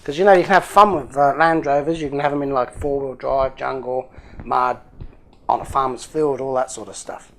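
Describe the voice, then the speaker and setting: A man's voice: medium pitch, fairly even intonation, moderate pace, slight background noise. A man hosting a casual unboxing video, chatty and jokey, thinking aloud as he opens parcels. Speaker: YouTube hobby channel host.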